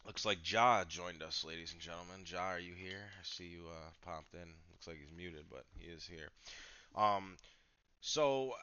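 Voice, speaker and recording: A deep-voiced man hosts a casual podcast, swearing freely and swinging into hyped bursts. His tone is crisp and bright, with dry, slightly muffled lo-fi sound. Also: normal speed, no room sound. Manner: profane, excitable, hyped. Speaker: podcast host. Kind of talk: casual chat.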